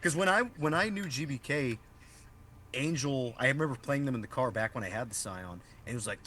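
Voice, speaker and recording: A man's voice: medium pitch, fairly quick, over a noisy crowd. A young man co-hosting a podcast in casual chat, rambling and hedging with many restarts. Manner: rambling, hedging, self-interrupting. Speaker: podcast co-host.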